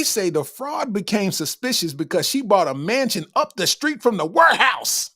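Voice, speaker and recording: A man hosting a comedy podcast, reacting loudly to a news story with exclamations, laughter and repeated punchlines. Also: high-pitched, very animated, moderate pace, hardly any pauses. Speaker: podcast host. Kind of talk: comedic commentary.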